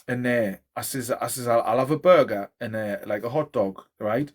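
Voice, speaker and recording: A man's voice: mid-range voice, steady tone, fairly quick, hardly any pauses. A man telling rambling, sweary anecdotes in a casual chat.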